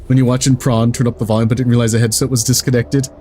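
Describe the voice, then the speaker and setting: A man streaming a video game in casual chat, excitable, swearing freely and laughing often while he yells at the game. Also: mid-range voice, fast, slight background noise.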